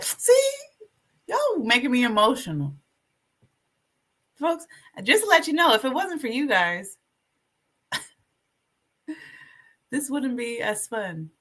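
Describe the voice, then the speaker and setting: Woman with on a livestream, chatty and animated, higher voice, bright tone. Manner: chatty, animated, reads aloud from notes. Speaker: livestream host. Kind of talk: casual livestream talk. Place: indoors at a computer, sharing her screen.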